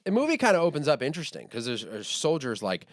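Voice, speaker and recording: A man's voice: a little high, wildly swooping pitch, fast talker, no echo, studio quality. A man co-hosting a podcast, retelling a movie plot in casual chat with rambling fillers. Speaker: podcast co-host.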